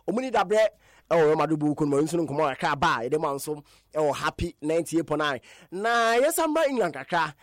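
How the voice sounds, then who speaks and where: A man with a Ghanaian accent presenting a radio sports news roundup, animated and emphatic, with repeated stresses on his points. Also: fairly high pitch, fairly quick, no echo, studio quality.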